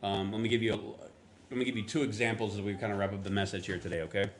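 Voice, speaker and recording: A man's voice: level tone, racing, slight background noise. A man preaching a sermon, telling a personal story in a casual, conversational way and acting out the dialogue. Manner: conversational storytelling, acts out quotes with rising pitch. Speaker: pastor.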